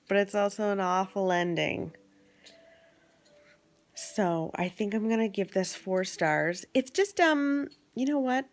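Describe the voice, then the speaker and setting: A woman from Canada talks to her viewers from home at night in an unhurried, chatty way. She drops into soft whispers, then brightens into sudden exclamations. Her voice sits at an ordinary middle pitch. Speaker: vlogger. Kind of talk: casual chat.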